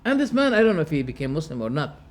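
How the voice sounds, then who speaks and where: Rapid-fire and very animated, a religious teacher lectures his class on belief in a voice a little high for a man, speaking emphatically. He stumbles into restarts, restates each term, and asks rhetorical questions.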